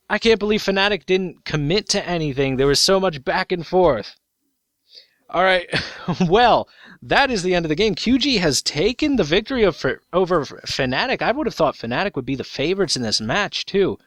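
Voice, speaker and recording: Bright, excitable esports caster man. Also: high voice, dry recording, studio quality. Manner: excitable, rapid play-by-play. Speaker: game caster, channel host. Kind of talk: comedic esports play-by-play commentary.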